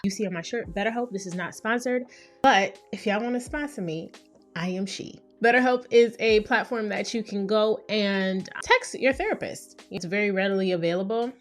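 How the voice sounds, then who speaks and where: A woman in her thirties hosts a podcast as a therapist and talks at a medium pitch. Her delivery is chatty and conversational, and she slips into quick voices for the people she quotes. Faint music plays underneath her. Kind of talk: casual advice monologue.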